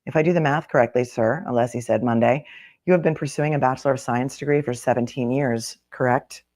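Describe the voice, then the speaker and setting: Talking fast in a bass voice with a slightly mellow quality, this middle-aged attorney is hosting a live-stream. She reads out a newspaper column and pauses between the read passages to add wry, chatty asides.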